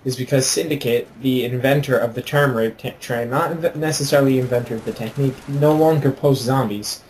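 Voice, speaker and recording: A man's voice: mid-range voice, brisk, a little mellow, a little hiss or hum, low-quality recording. An American man chatting casually and loosely while playing a game. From United States. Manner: easygoing, rambling explanations. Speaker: gaming co-commentator. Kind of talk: casual gameplay chat.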